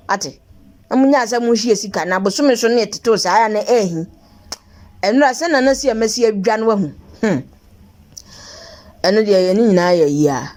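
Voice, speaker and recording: A woman's voice: mid-range voice, darkish tone. Chatty woman presenting local news. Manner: chatty, laughing, teasing. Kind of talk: local-language news commentary.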